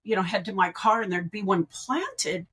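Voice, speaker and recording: A middle-aged woman with a husky, slightly breathy voice at an ordinary pitch tells her story as a podcast guest. She talks over a video call. She is animated and keeps acting out what people said. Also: normal speed, low-quality recording. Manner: animated storyteller who acts out quoted speech. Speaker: guest, end-of-life doula and grief educator. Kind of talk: personal storytelling in a podcast interview.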